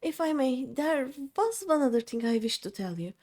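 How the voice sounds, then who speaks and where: Grateful freed captive, young woman, earnest and polite, a bit higher, read by the streamer. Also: animated, normal speed, darkish tone. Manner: polite, pleading. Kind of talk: reading game dialogue aloud.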